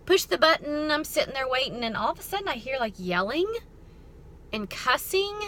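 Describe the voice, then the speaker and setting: A middle-aged woman, hosting a ministry talk and telling a story in a chatty, expressive way. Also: high voice, normal speed, slight background noise. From American South. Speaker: ministry host. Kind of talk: casual storytelling talk to camera.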